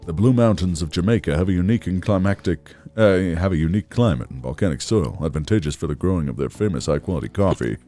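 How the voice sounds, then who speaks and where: Man putting on a gruff older café boss, low and grave, lecturing a young trainee; let-up faint music behind. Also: lively intonation, mellow. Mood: stern. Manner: low, measured, dryly critical lecturing. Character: gruff middle-aged male café owner, stern mentor. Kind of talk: reading game dialogue aloud in character.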